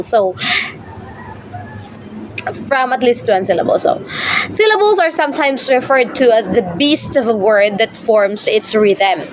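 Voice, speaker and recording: Woman teacher sounding out syllables slowly. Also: high-pitched, a little hiss or hum. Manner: slows down and sounds out words syllable by syllable; frequent restarts and "so" fillers. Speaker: English teacher. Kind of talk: explaining a lesson.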